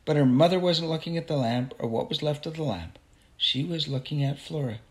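A man narrating a children's novel aloud in an expressive, unhurried way. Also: on the high side. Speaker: audiobook narrator. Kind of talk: storybook narration.

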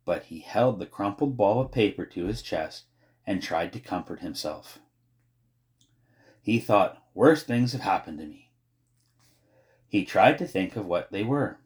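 A man narrating an audiobook in an expressive, measured storytelling manner. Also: on the low side.

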